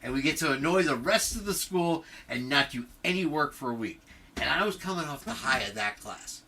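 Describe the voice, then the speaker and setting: Middle-aged man, live host, bright edgy tone, profane rambling storyteller, faint hiss behind. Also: a little high, brisk. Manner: profane, tangent-prone, animated retelling. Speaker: livestream host.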